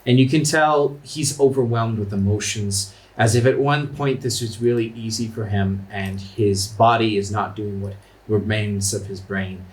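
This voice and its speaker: A man narrating a tabletop game as game master, in a measured, descriptive way. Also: fairly low pitch.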